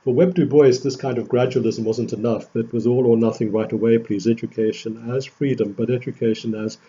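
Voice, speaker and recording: A man gives an academic lecture in a very dark, mellow voice with a husky edge. He speaks in a measured, thoughtful way and lifts certain phrases for emphasis. The recording sounds dull and lo-fi. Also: medium pitch, steady tone.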